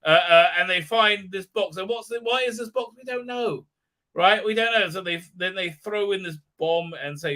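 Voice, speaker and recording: A man's voice: normal speed, pushed and bright. Mocking man ranting through an episode recap. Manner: mocking, mimics characters in exaggerated squeaky voices; heavy "uh, uh" fillers and repeated "right?". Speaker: channel host.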